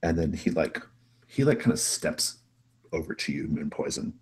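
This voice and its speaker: A man's voice: a bass voice, sing-song, normal speed, darkish tone, husky. A man narrating a tabletop game as game master, rambling with many restarts.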